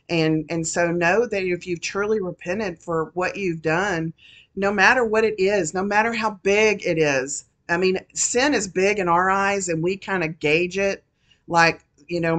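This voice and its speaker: A woman's voice: lowish voice, a bit bright. Woman, minister, devotional message, earnest, encouraging, repeats her words. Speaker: Christian minister.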